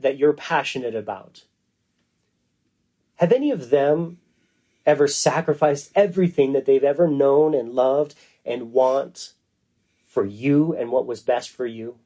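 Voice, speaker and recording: Earnest man preaching, mellow voice. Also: fairly high pitch. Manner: earnest, emphatic, with slow stressed phrases. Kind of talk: sermon.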